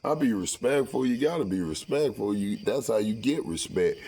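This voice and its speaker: A man's voice: on the low side, expressive, moderate pace, dark tone, slightly rough, low-quality recording. A man in a casual, profane monologue, rambling and preachy with heavy slang. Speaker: vlogger.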